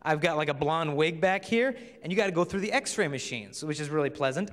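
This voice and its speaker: Young guy, assembly speaker, animated and jokey, slightly high voice, big echoing hall. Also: brisk. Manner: animated storytelling, acts out quoted voices. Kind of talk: humorous motivational talk. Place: large school auditorium. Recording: long hall reverb.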